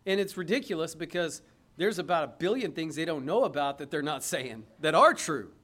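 Man, preacher, high voice, emphatic sermon, rhetorical questions. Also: lively intonation, a little fast, a bit bright. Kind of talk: expository sermon reading scripture.

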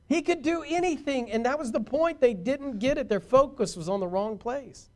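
Male pastor, sermon, high voice, animated, chatty asides to the congregation. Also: moderate pace. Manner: animated preaching, swings from shouting to hushed.

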